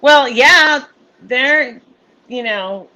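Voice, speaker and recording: Chatty woman cohost, kinda high, bright, reads viewer comments and laughs a lot. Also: drawn-out words, slight background noise, poor audio. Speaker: livestream co-host. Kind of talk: casual chat.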